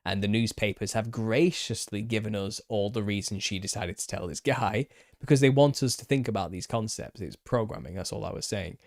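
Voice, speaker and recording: A man in his thirties with a Northern English accent, talking loosely through viewer comments on a live stream. His voice sits on the low side, with a dry, close sound and no room around it. He rambles and chuckles as he goes. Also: a little fast, darkish tone, no echo. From England. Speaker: channel host.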